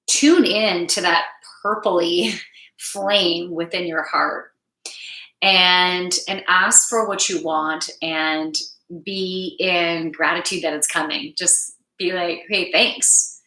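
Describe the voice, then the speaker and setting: A woman giving a live oracle card reading, speaking gently and emotionally to her viewers and reading their comments aloud. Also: lowish voice, fairly even intonation, slow pace, roomy sound, low-quality recording. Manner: gentle, spiritual, emotive, reads chat aloud.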